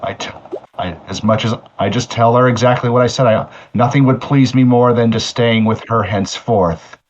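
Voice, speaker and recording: A man speaking earnestly and haltingly in character as a player in a tabletop role-play game, often restarting his sentences. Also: mid-range voice, muffled recording.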